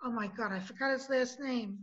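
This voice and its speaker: High-voiced, scattered woman podcast host. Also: a little fast, a bit bright, highs cut off. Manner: scattered, forgetful. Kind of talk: casual podcast chat.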